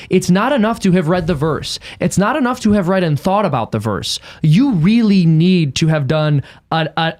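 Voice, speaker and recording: A young man talking as a podcast guest, earnest and quick to laugh, often correcting himself mid-sentence. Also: a little high. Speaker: guest, cartoonist. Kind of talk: casual podcast chat.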